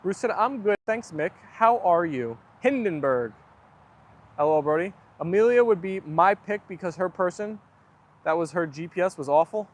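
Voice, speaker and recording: A man's voice: high-pitched, animated, normal speed. A young man hosting a casual livestream, chatting and reading viewer comments aloud. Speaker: livestream host. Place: outdoors near a garden.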